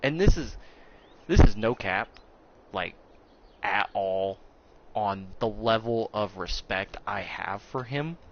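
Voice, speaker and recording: A man's voice: fairly low pitch, slow, pauses often, muffled recording. Young man telling a story. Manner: animated, incredulous. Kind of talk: casual storytime.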